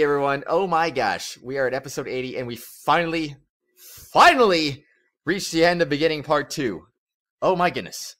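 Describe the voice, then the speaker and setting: A man hosting a let's play, talking in an excitable, rambling, chatty way. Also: a little high. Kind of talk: casual game commentary.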